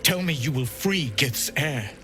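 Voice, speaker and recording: A man's voice: mid-range voice, expressive, unhurried, sharp tone, faint music behind. A commanding warrior man. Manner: commanding, imperious. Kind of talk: video game dialogue.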